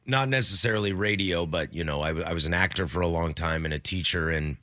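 A man's voice: sits low, fast, no room sound, studio quality. A man co-hosting a casual sports radio show, chatty and telling stories while he has the hiccups. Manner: chatty, animated storyteller. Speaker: podcast co-host.

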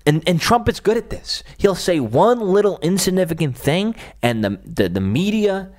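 A man's voice: sits high, sing-song, moderate pace, darkish tone. A man hosts a political commentary livestream and reacts to clips. He slips into angry, profane ranting, then trails off into sarcastic asides. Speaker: livestream host.

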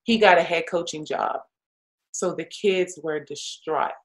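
A woman with a fairly low voice tells a story in a loose, chatty way. She fills her talk with "like" and "you know", and her pitch leaps when she acts out what other people said. She is a retired pro athlete speaking as an interview guest. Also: unhurried, poor audio. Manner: heavy use of "like" and "you know" fillers. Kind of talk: casual storytelling in conversation.

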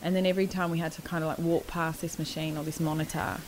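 A woman's voice: low-pitched, flat delivery, fast, slight background noise, poor audio. A young woman telling a personal story in a candid, casual chat, speaking frankly, swearing freely and laughing between lines.

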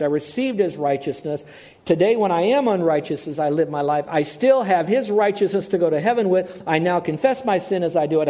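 A middle-aged man preaching a sermon as pastor, animated and repeating words for emphasis. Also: on the high side. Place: church in Hawaii.

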